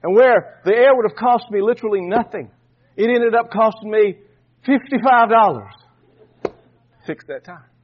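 A man's voice: high-pitched, moderate pace, long pauses, dull audio. A man preaching a sermon, telling a folksy story and often repeating and restarting words.

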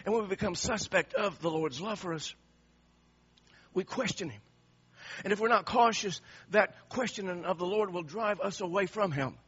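A man's voice: high voice, normal speed, fairly bright tone, breathy edge, lo-fi sound. A male pastor preaching a sermon with emphasis, asking the congregation the same question again and again.

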